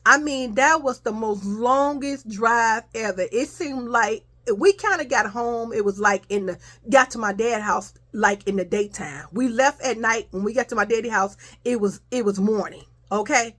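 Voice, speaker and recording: A young adult woman casually telling a childhood story to her viewers, animated and chatty. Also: a little high, moderate pace, hardly any pauses. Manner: animated, addresses viewers as y'all.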